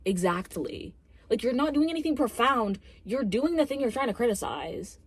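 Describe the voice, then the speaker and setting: Fairly high and husky, her sing-song voice moves at a moderate pace as this young woman vents in an exasperated movie review rant. She swears and leans heavily on "like" while talking to the camera.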